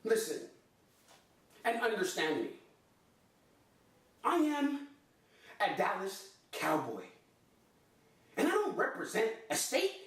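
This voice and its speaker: The podcast host, a man with a slightly bright voice, rants comedically about sports, slowly and with long pauses. His pitch swings wildly from growls to sudden high outbursts in a passionate, theatrical delivery, recorded from a distance in a reverberant room.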